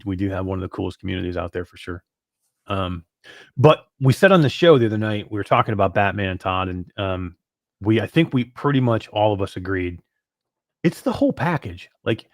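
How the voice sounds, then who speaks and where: A man hosting a gaming podcast from his home studio, chatting in a relaxed way with casual swearing. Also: fairly low pitch, no room sound. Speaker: podcast host.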